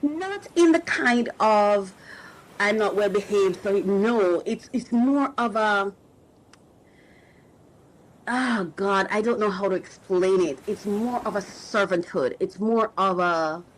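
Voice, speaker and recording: Speaking slowly in a mid-range voice on a low-quality recording, a middle-aged podcast host and coach reflects on faith for her listeners. She sounds emotional and searching, often restarting as she tries to find her words.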